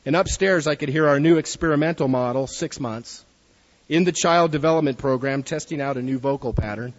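Guy preaching a sermon, kinda high voice, earnest, muffled recording. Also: brisk, in a large hall. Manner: earnest, reads a story aloud to the congregation.

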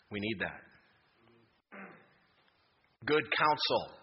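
A man's voice: mid-range voice, animated, normal speed, slightly rough. A man preaching a sermon as a pastor, telling stories and rising to emphatic exhortation. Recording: muffled hall reverb, faint noise.

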